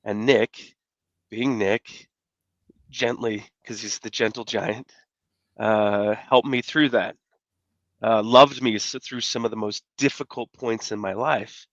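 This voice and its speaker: A man hosting an interview, speaking gently and haltingly as he shares a personal story and asks a question. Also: lowish voice, fairly even intonation, no room sound. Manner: gentle, halting, many fillers. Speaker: host. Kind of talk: interview talk. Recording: dull, dry sound.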